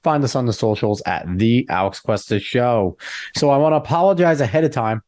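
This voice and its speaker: A man's voice: medium pitch, expressive, brisk, darkish tone, no echo, studio quality. A man in his thirties hosting a casual podcast chat, sounding congested and nasal from a cold, chatty and joking. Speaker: podcast host.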